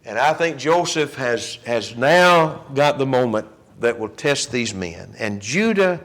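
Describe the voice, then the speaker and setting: A man teaching a Bible class in a church, retelling the story in a lively way and acting out the people's words. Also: medium pitch, a little slow.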